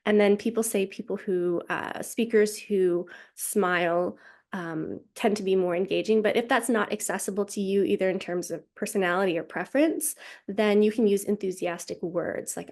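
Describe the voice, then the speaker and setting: A woman's voice: medium pitch, darkish tone. A woman presenting a science communication webinar in a casual, chatty way with frequent fillers, speaking over a video call.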